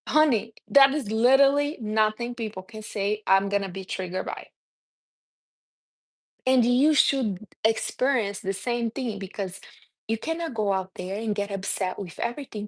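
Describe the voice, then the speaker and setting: Animated woman with a non-native English accent. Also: fairly high pitch. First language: not English. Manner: animated, calls listeners honey. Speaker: self-help speaker. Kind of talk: casual motivational talk.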